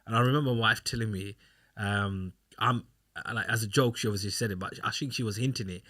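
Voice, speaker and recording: A man's voice: on the low side, fast talker, sharp tone. A young man co-hosting a casual podcast chat, rambling through anecdotes and acting out what others said. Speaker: podcast co-host.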